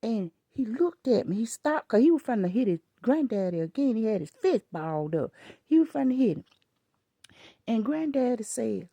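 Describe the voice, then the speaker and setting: A woman's voice: fairly high pitch, animated, moderate pace, gravelly, mellow, dry recording. An older woman, telling a story to her viewers in an emphatic, scolding way. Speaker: vlogger.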